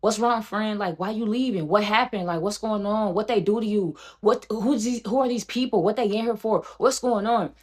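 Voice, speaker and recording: A woman voicing her frantic young woman friend, who asks high, whiny, pleading questions. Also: moderate pace, few pauses, natural voice. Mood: confused.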